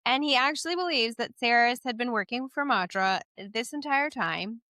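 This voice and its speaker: Bright, giggly woman podcast co-host. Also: fairly high pitch, expressive, no room sound. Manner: giggly, quick to laugh. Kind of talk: casual book-club chat.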